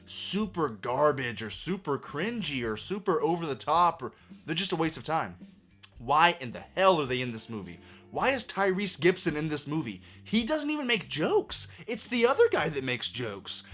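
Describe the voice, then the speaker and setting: A man's voice: on the high side, a bit bright. A man ranting through a movie review, sarcastic and profane, full of exasperation.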